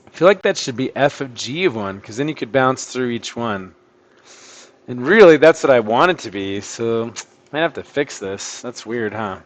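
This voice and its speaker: A man teaching an online math lesson, working through problems out loud in a chatty way and breaking into surprised exclamations. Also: medium pitch. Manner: thinking aloud, chatty, with sudden surprised outbursts.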